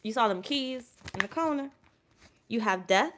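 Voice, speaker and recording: A woman doing a casual tarot reading to her viewers, blunt and profane, addressing them directly and swinging between loud urging and quiet asides. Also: a little high, animated, moderate pace, background noise. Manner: talks straight to her audience as "y'all". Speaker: tarot reader.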